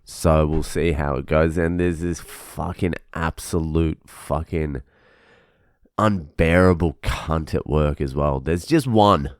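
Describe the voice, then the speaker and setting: A man's voice: a bass voice, slow, clear, resonant tone, dry recording, studio quality. A young man, ranting casually about work and swearing constantly. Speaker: vlogger. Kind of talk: casual venting monologue.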